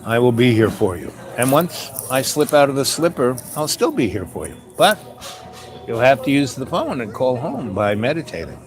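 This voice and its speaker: Over music, a show host delivers a loose, meandering monologue peppered with "you know" asides. His mid-range voice is very animated at a moderate pace, and he sometimes acts out little dialogues, raising his voice for them.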